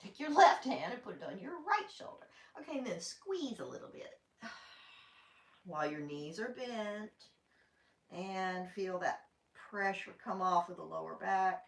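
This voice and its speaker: Folksy older Southern yoga teacher, slow and lively-pitched, roomy distant sound. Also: female voice. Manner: folksy, chatty, playful asides. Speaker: yoga instructor. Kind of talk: guided yoga class.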